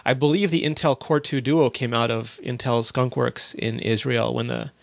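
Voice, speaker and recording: A wry, chatty man from Canada hosts a casual tech podcast at a middle pitch. His voice sits close and dry on the mic, with no room around it. He restarts and corrects himself as he goes. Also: steady tone, moderate pace, vocal fry, dry recording. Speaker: podcast host.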